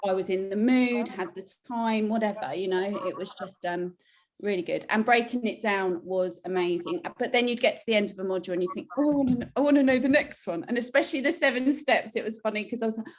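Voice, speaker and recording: Woman, middle pitch, chatty guest who acts out her own quotes. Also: brisk. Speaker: newly trained children's relaxation coach. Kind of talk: casual interview chat.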